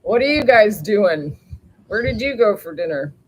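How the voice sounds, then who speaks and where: A woman's voice: mid-range voice, expressive, moderate pace, breathy edge, poor audio. Rambling, chatty woman live-streaming outdoors. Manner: chatty and rambling, mild swearing, frequent laughs. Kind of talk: rambling casual live chat. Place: outdoors near the ocean.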